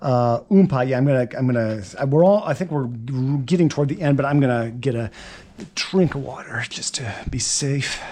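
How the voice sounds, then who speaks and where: A man teaching double bass, chatting and thinking aloud as he works through practice exercises, sweaty and a little winded. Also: normal speed, warm tone. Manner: chatty, rambling, thinks aloud between passages. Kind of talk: casual practice demonstration.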